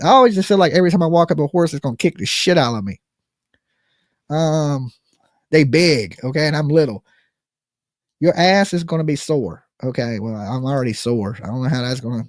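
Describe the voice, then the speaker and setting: This call-in show host has a fairly high, slightly mellow voice as he chats loosely on a live stream. Profanity, self-deprecating humor, and frequent "okay"s run through his talk. The studio-quality audio carries no room sound.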